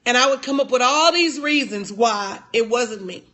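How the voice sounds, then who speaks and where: A middle-aged woman speaker with a high, bright, forceful voice. She hammers her points home through repetition in a preacher-like rhythm. Her talk is heartfelt and confessional. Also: lively intonation, moderate pace. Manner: emphatic and repetitive, in a preacher-like cadence. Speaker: motivational speaker and life coach. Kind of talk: motivational speech to an audience.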